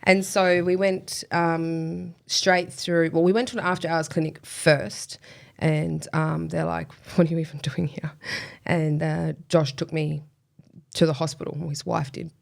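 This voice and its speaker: A woman's voice: low-pitched, level tone, unhurried, creaky. A woman guest telling a personal story in a casual interview, chatty with lots of fillers and self-deprecating laughs.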